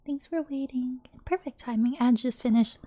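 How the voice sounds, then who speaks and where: A woman's voice: sits high, moderate pace, warm tone. A young woman streaming a video game, chatting casually and talking straight to her viewers, laughing easily. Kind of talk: casual live-stream chat.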